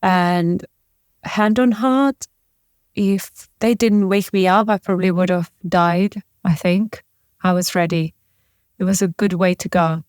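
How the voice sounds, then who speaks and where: A woman from the former Yugoslavia, a guest in an interview, telling a personal story in a halting, emotional way with restarts. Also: fairly low pitch, steady tone, darkish tone, no echo, studio quality. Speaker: podcast guest.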